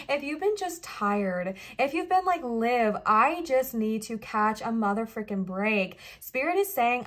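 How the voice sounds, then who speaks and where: A woman giving a casual tarot reading, earnest and emotional, reassuring her viewers and often restarting her sentences. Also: on the high side. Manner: affectionate, reassuring toward viewers. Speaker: tarot reader.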